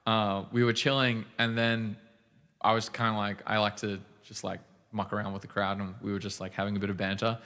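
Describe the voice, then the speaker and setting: A man's voice: lowish voice, flat delivery, brisk, clear, resonant tone. A man streaming live, chatting casually with his viewers between songs and talking to them by name. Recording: long reverb with loud guitar playing. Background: loud acoustic guitar.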